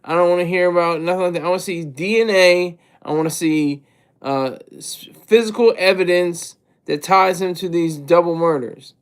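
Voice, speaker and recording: A man with a notably high voice hosts a loose livestream, talking straight to his chat. He rambles, trips over and repeats his words, and laughs quietly to himself as he goes. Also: moderate pace, clean tone. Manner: rambling, self-interrupting, often repeats words; chuckles to himself between thoughts. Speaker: livestream host. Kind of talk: casual livestream commentary, reading chat.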